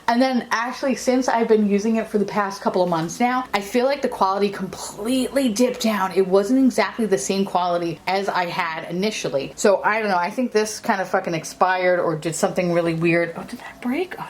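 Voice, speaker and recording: A woman vlogging casually about decluttering makeup, blunt and full of swearing and sarcastic asides. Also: a little hiss or hum. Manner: blunt and profane, with swinging pitch and sarcastic asides. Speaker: beauty vlogger. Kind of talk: casual chat.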